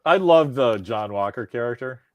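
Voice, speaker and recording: A man co-hosting a casual podcast, talking in quick animated bursts and cursing freely. His voice sits at an ordinary middle pitch. The recording is dry and close, with almost no room sound. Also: no echo. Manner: animated, profane, frequent restarts. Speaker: podcast co-host. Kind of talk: casual chat.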